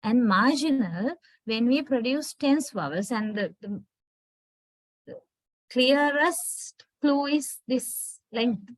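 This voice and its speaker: A woman's voice: fairly high pitch, slow, no room sound, poor audio. A middle-aged woman with a Sri Lankan English accent giving a university phonetics lecture, explaining step by step and often asking "right?".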